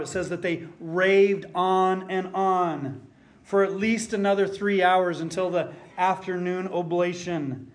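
Male preacher, slightly raised pitch, emphatic delivery that slows right down and goes quiet on key words. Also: steady tone. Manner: emphatic, slows down and drops to near silence for stress. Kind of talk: expository sermon with scripture reading.

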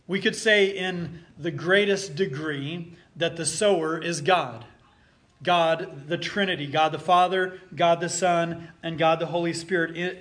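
Man, pastor, sermon, deliberate, emphatic, unhurried, a bit high-pitched. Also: fairly bright tone. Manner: earnest, deliberate preaching with emphatic phrasing.

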